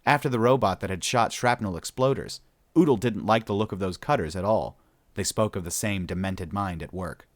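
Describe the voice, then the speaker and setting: A man's voice: on the low side, brisk, no echo. A man narrating a sci-fi story as an audiobook reader, storytelling steadily and voicing each character.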